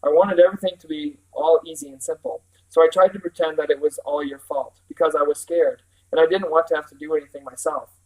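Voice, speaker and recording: A man's voice: fairly high pitch, fairly even intonation, brisk, a little mellow, natural voice, poor audio. A man doing a pleading, earnest young girl. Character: frightened but brave young girl.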